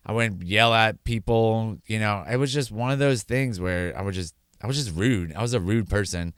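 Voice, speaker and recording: A man's voice: fairly low pitch, moderate pace, fairly bright tone, clean tone, no room sound, studio quality. A man sharing his personal testimony, earnest and repeating words for emphasis. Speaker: speaker sharing his sobriety story.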